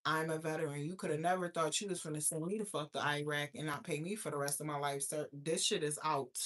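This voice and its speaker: A woman hosting a casual storytime monologue, slangy and profane, swinging between loud outbursts and low asides. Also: fairly even intonation, quick pace. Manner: slangy, emphatic street talk. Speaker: host.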